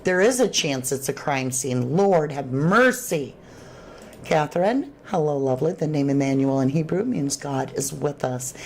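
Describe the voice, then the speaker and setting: A woman's voice: low voice, gravelly, dark tone, slight background noise. A woman hosting a true crime livestream, reading chat aloud and reacting with sudden exclamations. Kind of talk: casual livestream commentary.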